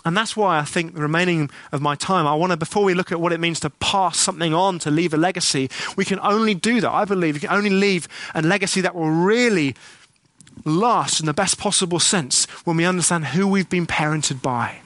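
A middle-aged man delivers a sermon in an earnest, conversational way, asking his congregation questions as he goes. His voice sits fairly high for a man, and the sound is close and dry. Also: a little fast, fairly bright tone, no echo. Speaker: preacher.

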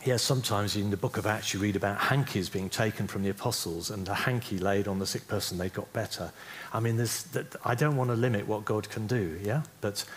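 Guy teaching a church class on healing prayer, kinda low voice, chatty, lots of "yeah?", faint hum behind. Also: a little fast. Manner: conversational, checks in with "yeah?". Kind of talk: teaching talk to a church group.

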